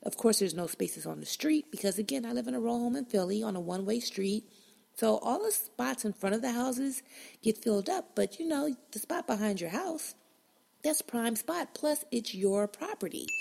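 A woman's voice: mid-range voice, vocal fry, darkish tone, breathy edge. A woman hosting a podcast, telling a personal story in a casual, blunt and profane way and acting out her own reactions. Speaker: podcast host.

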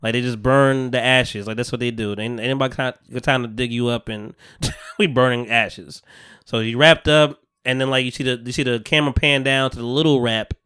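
Speaking a little fast, a man with a medium-pitched, clean voice hosts a podcast. His recap of a TV episode is lively and casual, full of laughter and acted-out characters.

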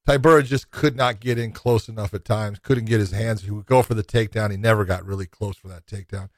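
A man's voice: fairly low pitch, fairly even intonation, quick pace, no echo. A man co-hosting a casual fight talk, easygoing and leaning on "you know" as he goes. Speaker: co-host. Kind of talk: casual fight breakdown chat.

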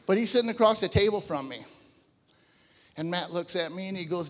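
A man in his fifties giving a personal testimony to a church audience, telling his story in an animated, conversational way. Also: sits high, brisk, big-room sound. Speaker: guest speaker giving a testimony. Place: large church hall before a live audience.

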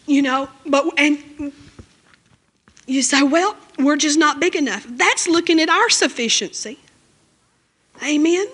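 A woman's voice: high-pitched, slow, pauses often, a bit bright. A woman preaching a sermon in church, emotional and fervent, with frequent amens and hallelujahs.

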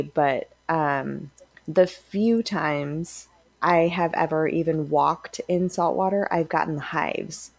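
A woman from California with a low voice rambles easily through casual podcast chat. The sound is dry and close, with no room around it. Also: creaky, a little mellow, dry recording. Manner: rambling, easygoing. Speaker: podcast co-host.

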